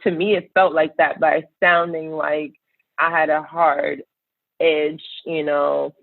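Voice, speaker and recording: A woman's voice: low-pitched, little pitch movement, slow, gravelly, dry recording. A woman guest in a podcast interview, talking in an earnest, reflective way. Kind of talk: casual interview talk. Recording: tinny phone-like line.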